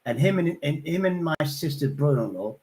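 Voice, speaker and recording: A man hosting a casual chat, telling rough pub stories bluntly and acting out the voices of the people in them. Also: a little high, animated, a little fast, darkish tone. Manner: blunt, sweary, acts out quoted voices.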